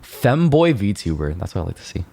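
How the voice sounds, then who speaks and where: A man streaming casually, reacting to viewers' posts in an excitable, sweary way. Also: low voice, moderate pace, creaky. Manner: excitable, swears freely, jumps between mumbling and loud outbursts.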